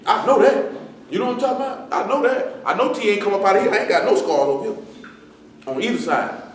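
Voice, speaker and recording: A man's voice: high-pitched, moderate pace, long pauses, a little hiss or hum. A man preaching a sermon in loose street slang, joking and quoting people. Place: church assembly hall. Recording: echoey hall from far off.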